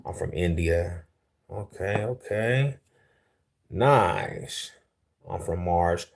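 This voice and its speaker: A young livestream host from Denver, Colorado, chats casually and reads viewer comments aloud, laid-back, slangy and easily amused. His voice is low-pitched and gravelly, and he talks very slowly.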